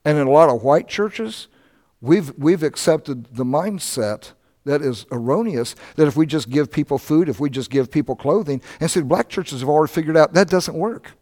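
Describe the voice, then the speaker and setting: A man's voice: on the high side, moderate pace. Older guy preaching, chatty storytelling, echoey hall. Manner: conversational storytelling preacher, animated asides. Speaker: pastor. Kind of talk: sermon.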